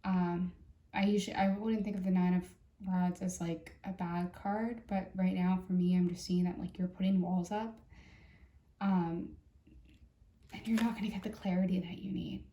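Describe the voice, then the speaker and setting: A woman giving a casual tarot reading in a chatty, halting way, full of fillers and restarts. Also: fairly low pitch, little pitch movement, mellow, roomy sound. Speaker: tarot reader.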